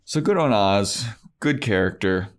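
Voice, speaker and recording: A man with a fairly low voice co-hosts a casual podcast, recapping a TV episode a little slowly. His retelling is animated, and he acts out the characters' lines.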